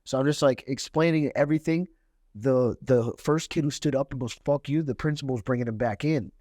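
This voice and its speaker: A man's voice: medium pitch, a little fast, darkish tone, dry recording. Candid streetwise young man, dry sound. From Cleveland, Ohio. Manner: candid, streetwise, swears freely. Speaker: podcast guest, investor. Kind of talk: casual storytelling.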